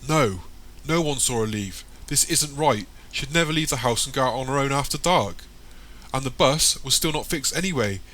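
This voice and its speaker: A man's voice: mid-range voice, moderate pace, hardly any pauses, a bit bright, natural voice. A man voicing a distraught young man who pleads and frets over a missing friend. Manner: strained, pleading.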